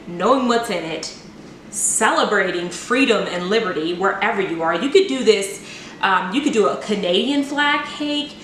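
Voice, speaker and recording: This cooking vlogger's mid-range, fairly bright voice comes through with a little hiss or hum. She chats playfully and pokes fun at herself while decorating a cake. The home kitchen is echoey and the mic sits at a distance.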